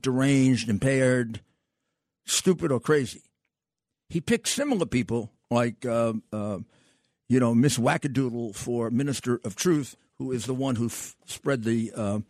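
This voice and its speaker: Gravelly emphatic older talk-radio host. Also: male voice, medium pitch, a little mellow, dry recording, studio quality. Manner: emphatic, repetitive, scornful.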